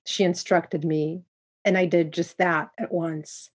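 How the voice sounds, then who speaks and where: Brief: woman narrator, low and level, calm measured storytelling. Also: husky. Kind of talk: first-person story narration.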